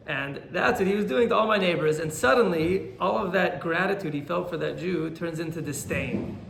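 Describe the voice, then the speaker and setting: A rabbi gives a Torah class in a high, gravelly voice, telling stories with lively energy and acting out the people in them. The recording is roomy and echoey. A faint hum of ambience sits underneath. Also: male voice, moderate pace, hardly any pauses. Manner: animated storyteller, acts out quoted characters.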